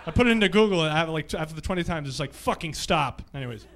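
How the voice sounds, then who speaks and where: A male stand-up comedian working a live theatre crowd with loose, profane anecdotes. His voice sits a little high and cuts through with a bright, forceful edge. He drifts from story to story in an easy, offhand way. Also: expressive, very fast. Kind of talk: stand-up set. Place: comedy theatre stage before a live audience.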